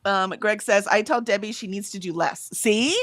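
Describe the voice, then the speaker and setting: A woman's voice: medium pitch, moderate pace, fairly bright tone, no echo. A woman co-hosting a casual livestream, chatting emphatically, laughing easily, and reading out viewer comments. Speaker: livestream co-host.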